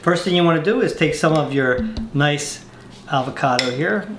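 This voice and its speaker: A man hosting a casual cooking show outdoors, walking through a recipe step by step in a relaxed way. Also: fairly high pitch, normal speed, roomy sound, background noise. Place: outdoors, windy.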